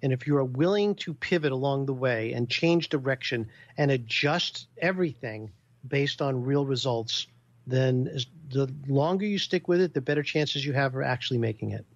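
A man's voice: mid-range voice, moderate pace, dry recording. A man telling a business story as a guest, acting out the people he quotes. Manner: animated storyteller who acts out quotes. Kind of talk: storytelling in a podcast interview. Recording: dull lo-fi sound.

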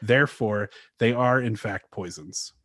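A man's voice: on the low side, a little slow, a bit bright. A man co-hosting a casual podcast, recounting a story at length with frequent restarts. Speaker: podcast co-host.

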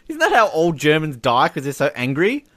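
A man co-hosting a casual movie commentary chat, animated and often laughing. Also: on the high side. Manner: giggly, animated, keeps breaking into laughter. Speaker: podcast co-host.

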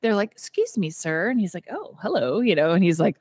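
Young woman podcast co-host, animated film recap, quoted voices, dry close sound. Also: medium pitch, brisk, hardly any pauses, no echo. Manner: animated retelling with quoted character voices and frequent laughter. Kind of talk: casual movie recap chat.

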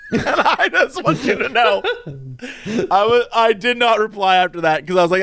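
A man's voice: high-pitched, lively intonation, moderate pace, gravelly, fairly bright tone, no room sound, studio quality. A man casually retelling an online chat, acting out the quoted messages and laughing often.

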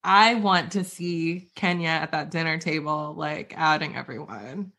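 A woman's voice: low-pitched, a little slow, sharp tone. A woman speaking as a podcast guest, candid and chatty. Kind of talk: casual chat.

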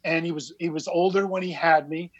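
A man in his fifties with a New Jersey accent speaks as a podcast guest, his voice pitched unusually high. He tells his story candidly and laughs at himself, and the sound is dry and slightly muffled, like a lo-fi remote line. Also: steady tone, brisk, breathy edge, dry recording. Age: 50s. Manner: candid, self-deprecating, laughs often. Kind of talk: casual storytelling.

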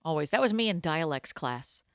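A woman co-hosting a casual comedy podcast, talking in quick, jokey bursts that swing into loud excitement. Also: sits low, no room sound, studio quality. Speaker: podcast co-host.

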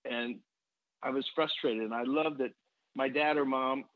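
A man's voice: mid-range voice, a little slow, no room sound. Older man telling stories over a phone-like line. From United States. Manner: animated storyteller, acts out quoted voices. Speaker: guest songwriter. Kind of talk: storytelling in conversation.

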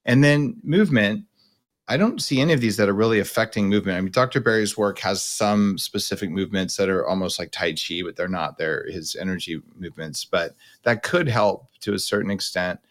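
A middle-aged man with a somewhat low voice, hosting a podcast. He explains at length, blunt and casual, and doesn't mind a bit of crude language. He talks like a coach walking a guest through her options. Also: a little fast. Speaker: podcast host. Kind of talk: coaching conversation.

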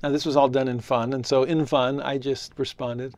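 A middle-aged man delivers a sermon in a conversational, storytelling way. He is earnest, and his voice often sinks softly at the ends of phrases. The recording is close and dry, with no room sound. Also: medium pitch, little pitch movement, moderate pace, no room sound. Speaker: preacher and religious teacher.

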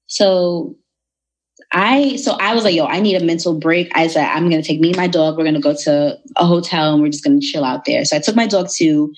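A young woman telling a personal story in a casual, animated way, acting out the people in it. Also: deep voice, brisk. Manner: animated, retells dialogue in voices.

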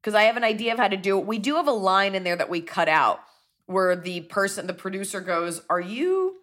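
A woman's voice: medium pitch, quick pace, a bit bright. A woman comedian hosting, reading ads and chatting casually with a self-deprecating manner. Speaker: comedian host. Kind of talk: podcast ad read and casual chat.

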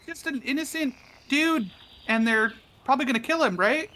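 Brief: man putting on a whiny, stammering, wealthy complainer, pitched up and bright. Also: moderate pace. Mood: anxious. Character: fussy rich male guest, indignant complainer.

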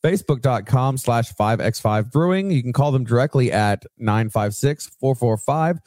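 A man in a casual podcast chat, reading sponsor plugs with offhand asides and the odd swear. His voice sits at an ordinary male pitch, and the room sound is dry and close. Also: lively intonation, moderate pace, a little mellow, no echo. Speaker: podcast co-host.

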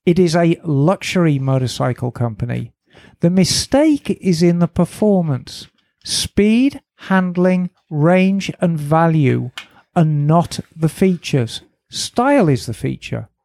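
A woman's voice: sits low, slow pace, mellow, no room sound. A woman co-host of a motorcycle podcast reads a listener email aloud in a garage studio. The sound is close and dry, with no room around her voice. She stays conversational and slips in wry side comments. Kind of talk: casual motorcycle podcast chat.

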